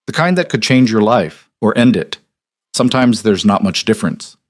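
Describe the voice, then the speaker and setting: A man doing a cold, calm crime boss. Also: lowish voice, normal speed, no echo, lightly acted. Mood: cool menace. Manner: calm, clipped, controlled.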